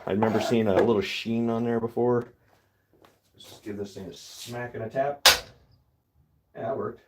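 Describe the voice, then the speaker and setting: A man's voice: medium pitch, fairly even intonation, normal speed, very noisy. A man giving casual live commentary to his viewers from a hot workshop, chatting straight to them as he works. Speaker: livestreamer casting metal. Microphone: phone livestream.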